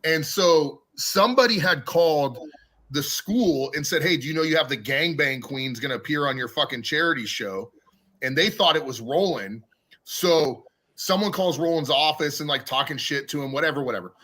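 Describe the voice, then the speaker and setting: A man's voice: on the high side, normal speed, bright, forceful tone. A man telling a profane backstage story in casual podcast chat, laughing as he goes. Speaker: podcast guest.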